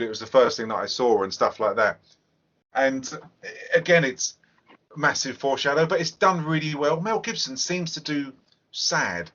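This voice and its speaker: Podcast host guy rambling about a movie, swears a bit, muffled audio. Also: medium pitch. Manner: rambling, animated, swears freely. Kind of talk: casual film review chat.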